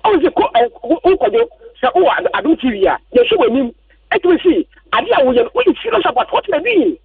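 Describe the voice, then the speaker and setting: A man's voice: very high-pitched, big pitch swings, fast talker, no echo. A man calling a radio sports show, ranting agitatedly about the national coach. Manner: agitated, repetitive complaining. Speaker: caller. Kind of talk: heated phone-in rant. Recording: tinny phone line, distant.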